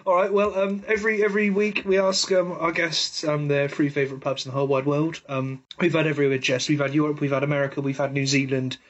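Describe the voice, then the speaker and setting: A man's voice: a little high, level tone, fast talker, hardly any pauses, muffled recording. A man co-hosting a casual pub podcast, asking questions with frequent ums and restarts. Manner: hesitant, many ums and restarts. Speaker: podcast co-host.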